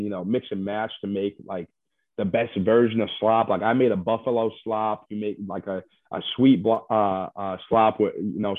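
A man with a fairly low voice talks through a thin, phone-like line that sounds dry and close. He rambles loosely in casual interview chat and leans on filler words as he tells his stories as a reality show guest. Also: no room sound.

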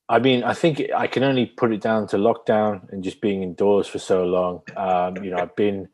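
A man's voice: on the low side, level tone, normal speed, a little mellow. A man co-hosting a casual film podcast, speaking with dry, wry humor. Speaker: podcast co-host.

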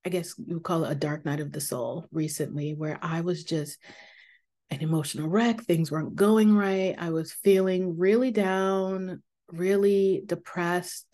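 A woman hosts her own podcast in a casual, personal way, her voice sitting a little on the low side. She talks candidly and reflectively, with frequent fillers and soft laughs. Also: measured pace. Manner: calming voice for guided meditations. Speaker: podcast host.

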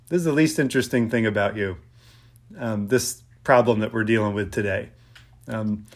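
Man giving a rambling informal sermon. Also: medium pitch. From Pennsylvania, USA. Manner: conversational, frequent ums and restarts. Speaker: preacher.

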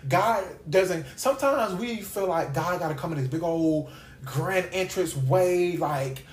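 A high-pitched man hosts a Bible study podcast, teaching in a relaxed, conversational style with slangy asides and repeated phrases for emphasis. He speaks at a measured pace, with slight background noise and a roomy echo.

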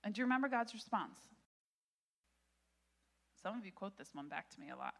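A woman in her thirties, a pastor, giving an animated, conversational sermon with frequent laughter. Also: medium pitch, a little fast.

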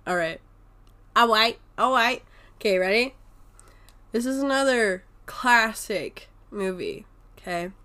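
A woman's voice: a little high, expressive, takes it slowly, long pauses, sharp tone. A woman co-hosting a podcast in casual chat, swearing freely and laughing as she acts out movie lines. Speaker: podcast co-host.

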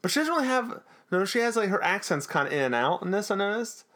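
A man's voice: sits high, big pitch swings, fast talker, a bit bright. A man co-hosting a podcast, casually recapping a TV episode in a jokey, rambling way. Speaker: podcast co-host.

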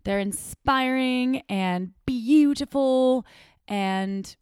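A woman's voice: high voice, drawn-out words, darkish tone, clean tone, no echo, studio quality. A woman co-hosting a casual podcast, chatting playfully and trying out silly accents. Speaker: podcast co-host.

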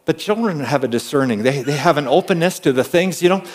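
A man preaching a conversational sermon. He moves between hushed asides and loud, emphatic calls, often adding an amen and repeating words as he tells stories. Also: fairly high pitch, expressive, fast talker. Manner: repeats and restarts words while storytelling. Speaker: pastor.

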